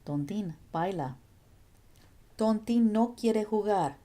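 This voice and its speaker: A woman Spanish teacher explaining grammar step by step in a recorded video lesson, patient and clear with playful asides. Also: mid-range voice, lively intonation, slow pace, warm tone.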